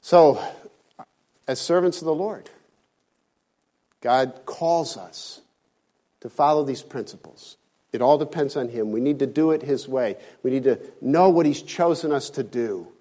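A man's voice: medium pitch, unhurried, pauses often, dark tone. A man preaching a sermon, emphatic, rising in force when he quotes scripture.

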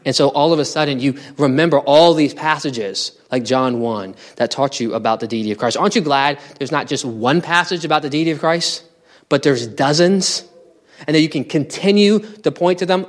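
A man's voice: on the high side, a little fast. A man as pastor preaching a sermon in a conversational teaching style, asking the congregation rhetorical questions. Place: church.

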